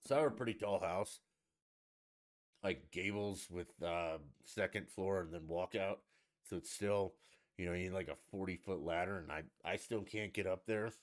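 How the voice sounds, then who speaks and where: Man, fairly low voice, casual stream host, blunt swearing rant. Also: normal speed. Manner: profane, blunt, ranting. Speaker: livestream host. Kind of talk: casual ranting chat.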